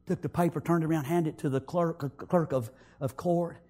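High-voiced preacher telling a story. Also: male voice, steady tone, moderate pace. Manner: swings from hushed whispers to loud shouted praise. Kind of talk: sermon storytelling.

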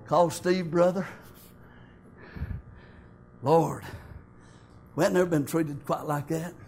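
High-voiced older man testifying. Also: steady tone, takes it slowly, a little mellow, slight background noise. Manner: folksy, homespun storytelling. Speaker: church member giving testimony. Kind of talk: church testimony.

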